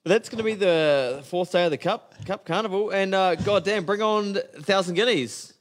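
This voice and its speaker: Kiwi guy, bit higher voice, loud jokey sweary banter. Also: moderate pace. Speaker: podcast co-host. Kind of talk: casual chat.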